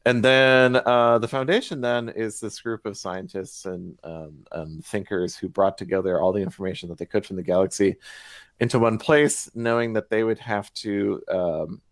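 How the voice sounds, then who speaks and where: Low-voiced man rambling in a dry stream. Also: steady tone, normal speed, no room sound. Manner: rambling, self-correcting, thinking aloud. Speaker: game designer. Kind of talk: livestream Q&A chat.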